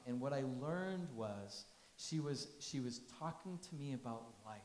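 A man's voice: mid-range voice, darkish tone, echoey room, rough recording. A man giving a conversational sermon, telling stories and asking the congregation questions. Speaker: pastor.

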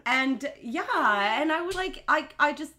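Her voice sits high, expressive and unhurried with a sharp edge, as this young woman hosts a podcast. In casual chat she rambles through a long story loaded with fillers.

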